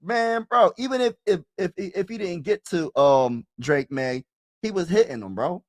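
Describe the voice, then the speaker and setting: A young man streaming a casual, slangy sports chat, talking to his viewers and now and then shouting and laughing. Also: high voice, unhurried, no room sound, studio quality. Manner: animated, slangy, says bro a lot, shouts and laughs.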